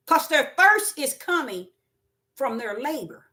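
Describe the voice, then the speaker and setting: A woman preaching a spontaneous sermon, repeating words for emphasis and swinging between loud and soft. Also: high voice, very animated, a little slow. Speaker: self-styled prophet and preacher.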